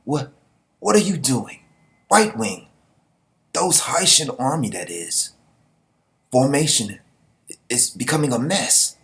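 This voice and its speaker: A man's voice: medium pitch, sing-song, slow pace, pauses often, fairly bright tone, voice pushed up, full character voice. A man voicing an alarmed young male officer, asking flustered questions in a raised voice.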